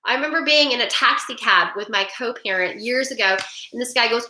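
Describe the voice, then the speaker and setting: A middle-aged woman hosting a webinar, talking in an animated, rambling, emphatic way. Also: a little high, fairly quick, slight background noise. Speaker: webinar host. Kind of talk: casual monologue. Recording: echoey room.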